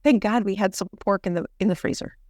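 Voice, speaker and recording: A middle-aged woman doctor from the United States earnestly tells a personal story at a quick pace, restarting often with "you know." Her mid-range voice has a darkish tone, and the clean studio sound has no room echo.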